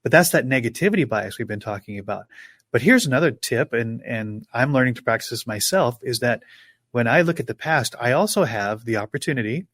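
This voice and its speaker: A man's voice: medium pitch, expressive, brisk, a bit bright, no echo. A man co-hosting a motivational podcast, speaking thoughtfully and building on his partner's points. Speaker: podcast co-host.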